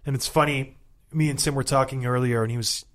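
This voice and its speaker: A man hosts a casual podcast, riffing in an animated, self-mocking way. His voice sits at an ordinary middle pitch, and he sounds like someone in his thirties telling sports stories. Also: fairly quick. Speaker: podcast host, former hockey player.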